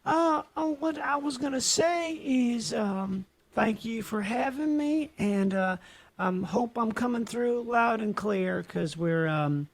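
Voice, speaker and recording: A man's voice: very high-pitched, lively intonation, slow, creaky, heavily acted. A man voicing an eccentric male whistleblower guest who stumbles and fumbles over his words. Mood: flustered.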